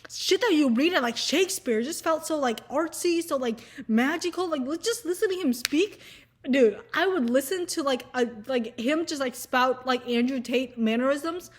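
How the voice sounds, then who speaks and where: High-voiced young woman ranting casually. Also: moderate pace. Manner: profane, animated, mocks people in put-on voices. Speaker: vlogger. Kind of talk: casual ranting chat to camera.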